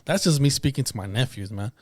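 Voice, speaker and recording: A man's voice: medium pitch, lively intonation, fast, dry recording, studio quality. A man and parent co-hosting a podcast, speaking earnestly and heatedly, swearing heavily in casual chat. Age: adult parent. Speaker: podcast co-host.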